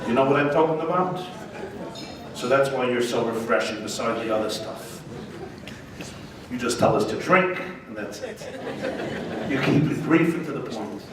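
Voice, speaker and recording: A man, a rabbi, giving a humorous, animated speech at a gala dinner in a large banquet hall. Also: mid-range voice, moderate pace, long pauses, a crowd in the background. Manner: joke-telling, animated. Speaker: guest speaker, rabbi. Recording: echoey banquet hall from far off, noisy.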